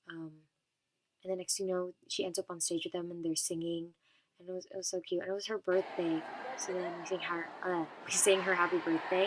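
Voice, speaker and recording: A woman's voice: lowish voice, a bit bright. A young woman vlogger from California telling a long story in a rambling, casual way, full of "and then" and fillers.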